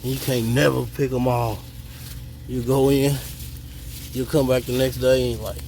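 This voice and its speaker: On a hot day, a man walks through his home garden outdoors, giving an easygoing, think-aloud tour filmed on a handheld phone. His mid-range voice is steady, gravelly and a little mellow, with a measured pace and long pauses, and the rough recording carries a slight hiss or hum.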